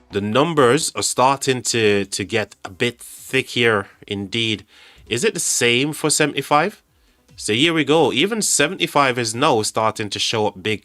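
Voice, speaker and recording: An excitable man hosts a live game stream, stumbling over his words as he chats with viewers. His voice is bright and forceful, recorded dry and close. Faint music plays underneath. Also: mid-range voice, no room sound. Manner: excitable, stammering, thanks chat often. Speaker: game livestream host.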